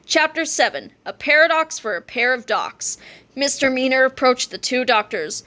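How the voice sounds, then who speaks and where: A woman reads a children's chapter book aloud with playful, lively storytelling. Her voice sits slightly high. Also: moderate pace. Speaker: reader.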